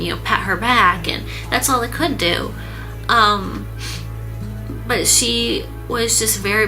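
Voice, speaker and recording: Halting, bright-voiced woman telling a story. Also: mid-range voice, vocal fry, rough recording. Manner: halting, with many pauses and fillers. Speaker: vlogger recounting her mother's illness. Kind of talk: personal storytelling vlog.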